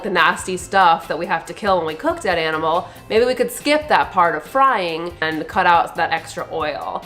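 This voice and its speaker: A woman's voice: on the low side, fairly bright tone. A woman hosting a cooking channel, chatting in a casual, upbeat way and then walking through the recipe steps.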